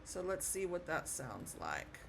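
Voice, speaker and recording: A woman teaching Spanish pronunciation in a slow, patient classroom manner, repeating words and checking in with "okay?". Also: fairly low pitch, sing-song, gravelly, a little hiss or hum.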